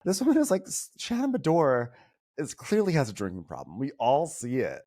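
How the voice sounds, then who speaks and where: A man guesting on a podcast, chatting about reality TV in an animated, opinionated way and mimicking people he quotes. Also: mid-range voice, fairly quick. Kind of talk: casual pop-culture chat.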